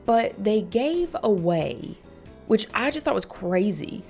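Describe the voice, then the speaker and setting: A woman's voice: mid-range voice, very animated, slow pace, creaky, darkish tone, faint music behind. A young woman chatting casually in a gaming vlog, blunt and sweary, laughing often. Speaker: gaming YouTuber.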